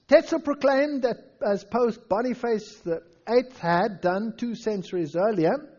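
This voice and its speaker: A man with a high voice gives a lively history lecture on a muffled recording. He tells stories and reads old quotations aloud with dramatic flair.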